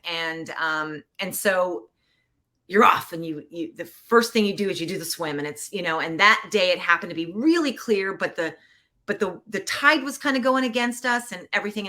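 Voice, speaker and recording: A woman guest on a podcast telling a personal story in a casual, animated way, acting out quoted voices and getting teary. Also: mid-range voice. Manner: animated, acts out quoted voices, laughs often. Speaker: podcast guest, producer and actor. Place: Los Angeles.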